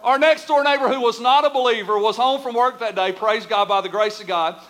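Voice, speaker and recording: High-voiced pastor telling stories. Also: male voice, a little fast. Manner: lively, humorous storytelling that drops to a quiet earnest teaching tone. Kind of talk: storytelling sermon.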